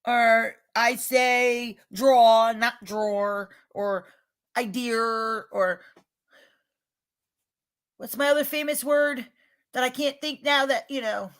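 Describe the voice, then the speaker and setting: A woman with a regional American accent, rambling and emphatic as she talks straight to her livestream chat, getting loud when she is upset. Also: on the high side, steady tone, slow, long pauses. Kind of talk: casual chat, defensive and venting.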